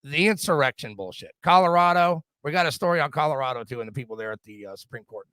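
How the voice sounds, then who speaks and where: A man's voice: mid-range voice, animated, quick pace, sharp tone, clean tone, no room sound. A middle-aged man hosting a podcast, ranting casually and profanely about politics, often stammering and restarting his sentences. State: drinking whiskey. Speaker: podcast host.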